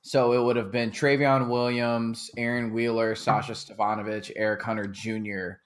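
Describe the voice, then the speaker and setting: A man co-hosting a sports podcast, answering casually in short, halting replies. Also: medium pitch, level tone. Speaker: podcast co-host.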